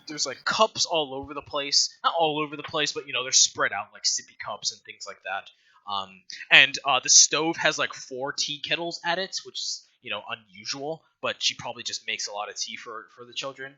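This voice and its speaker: A man narrating a tabletop game as game master, talking in a halting way with frequent fillers and restarts. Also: medium pitch, pushed and bright.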